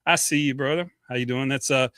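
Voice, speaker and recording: A man's voice: mid-range voice, steady tone, a little fast, fairly bright tone, smooth, no echo. A man who was a senior NCO, co-hosting a podcast in reflective, hesitant casual chat. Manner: reflective, hesitant, many restarts.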